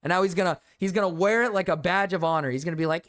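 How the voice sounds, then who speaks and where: A man's voice: sits high, rapid-fire, hardly any pauses, a bit bright, no echo, studio quality. Ranting, profane male streamer. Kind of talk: reaction commentary.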